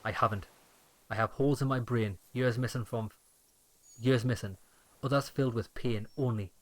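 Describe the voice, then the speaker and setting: A man's voice: medium pitch, steady tone, moderate pace, no room sound, lightly acted. Brief: frail bitter old soldier-deserter, grim and clipped, read by a man in a mid-range voice.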